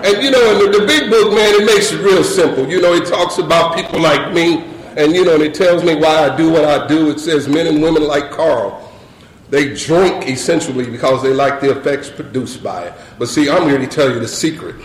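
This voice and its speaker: A middle-aged man at a recovery meeting tells a funny personal story, animatedly acting out scenes and sprinkling in lots of "you know." His voice is fairly high-pitched and fairly quick, heard in an echoey room with faint crowd noise.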